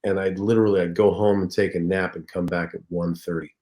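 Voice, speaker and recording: Low-voiced man telling stories. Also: brisk. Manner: animated anecdotal storyteller. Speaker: guest, comedian and voice actor. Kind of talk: casual interview storytelling.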